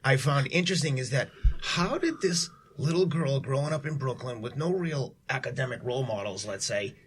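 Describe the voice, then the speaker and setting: A man's voice: mid-range voice, moderate pace, slight background noise. A man co-hosting a studio interview, asking long rambling questions full of restarts. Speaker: co-host.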